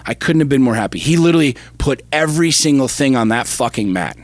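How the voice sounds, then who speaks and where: A man's voice: mid-range voice, expressive, fast talker, no echo. A middle-aged man, co-host of a talk show, telling a personal story with intense, profane emphasis that builds to fervor. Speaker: podcast co-host. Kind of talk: casual chat.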